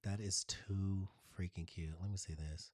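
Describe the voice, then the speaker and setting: A man's voice: low-pitched, fairly even intonation, unhurried, darkish tone, no echo, studio quality. A man hosting a casual design tutorial, chatting to viewers in a gushing, playful way. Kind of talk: casual screen-share tutorial.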